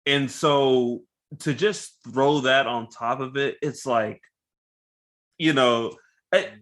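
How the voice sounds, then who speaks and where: Relaxed man, podcast co-host, mid-pitched, casual slang. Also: takes it slowly. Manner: laid-back, loose, says bruh and dog. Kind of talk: casual reaction chat.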